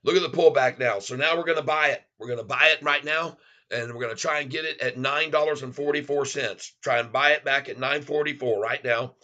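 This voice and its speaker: A man runs a live stock-trading show, narrating his trades as they fill. His voice is bright and punchy. He cheers each move and keeps chatting warmly with his audience. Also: mid-range voice, fairly quick, dull audio. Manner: excited, calls out prices, chats with viewers as "folks". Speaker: stock trading livestream host. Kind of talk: live day-trading commentary.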